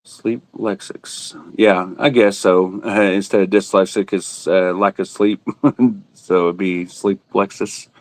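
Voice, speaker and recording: A man's voice: deep voice, level tone, a little slow, no echo, poor audio. A man running a casual live auction, joking and laughing as he calls out bids and buyers by name. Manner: joking, laughs often, self-teasing. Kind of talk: casual livestream auction chat.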